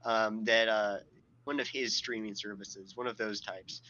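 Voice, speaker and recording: A man's voice: fairly low pitch, steady tone, unhurried, lo-fi sound, noisy background. A man hosting a podcast, telling a story in a rambling, profane way, full of fillers and his own laughter. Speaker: podcast host. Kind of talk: casual podcast chat.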